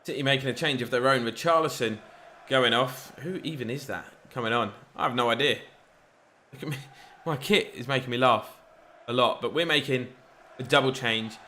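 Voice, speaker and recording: A man giving chatty, excitable play-by-play commentary over a football video game. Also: mid-range voice, normal speed. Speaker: gaming YouTuber.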